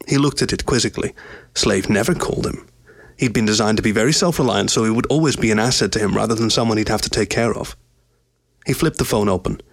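Man narrating a story, gravelly voice, dry close sound, steady read. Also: on the low side, fairly quick, no echo.

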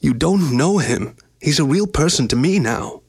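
A man's voice: fairly high pitch, expressive, normal speed, creaky, a little mellow, slightly rough, dry recording, studio quality, voice pushed up, exaggerated voice. A man voicing a male lion in a storybook reading, terse and guarded, often mumbling. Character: male lion, gruff, defensive and devoted.

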